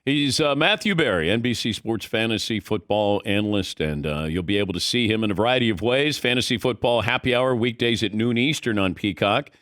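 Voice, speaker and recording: A man's voice: on the low side, a little fast, hardly any pauses, a bit bright, no room sound, clean studio sound. A man hosting a radio talk show, interviewing a guest in an easygoing way. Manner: easygoing, laughs along, short prompts. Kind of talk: casual interview. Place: radio studio.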